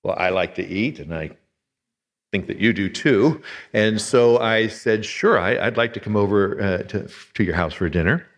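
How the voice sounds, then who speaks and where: A man's voice: fairly low pitch, normal speed, long reverb tail. A man in his sixties from Pennsylvania, a retired pastor preaching a sermon with folksy, humorous storytelling. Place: church sanctuary.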